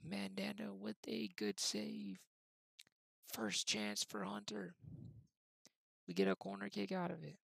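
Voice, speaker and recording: A young man doing excitable mock play-by-play commentary over his football video game, then chatting about his match. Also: high voice, a little slow, vocal fry, long pauses, breathy edge, dry recording, low-quality recording. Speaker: gaming YouTuber. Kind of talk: gameplay commentary.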